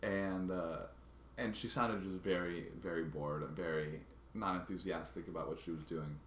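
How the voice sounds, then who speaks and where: Brief: deep-voiced man, casual halting vlog narration, echoey room, faint background hiss. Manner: halting, restarts and repeats words while recounting a grievance. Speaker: vlogger.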